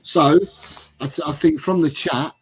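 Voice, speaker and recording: A man's voice: on the high side, fairly even intonation, measured pace, faint music behind, rough recording. Rambling guy hosting a football stream. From England. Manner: rambling, reads out chat comments. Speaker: livestream host. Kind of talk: casual football chat.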